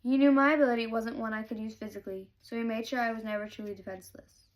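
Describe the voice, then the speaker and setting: A woman's voice: on the high side, fairly even intonation, fast talker, close to an everyday voice, poor audio. A woman reading aloud the lines of a tough, guarded young woman from a novel, in close to her own voice. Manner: read aloud from a novel, lightly acted.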